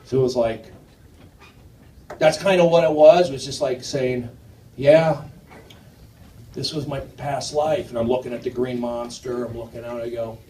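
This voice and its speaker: A man performing a live stand-up set in a comedy club, rambling and jumpy, swinging from mumbled asides to sudden shouted outbursts. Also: mid-range voice, measured pace, pauses often. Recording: roomy, distant club recording with noise. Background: audience laughter.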